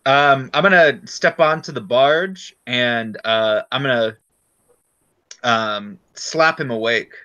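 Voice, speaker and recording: Man, tabletop player, bright tense voice, crude jokes, dull lo-fi sound. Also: mid-range voice, takes it slowly. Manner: crude, joking. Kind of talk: casual play at the table.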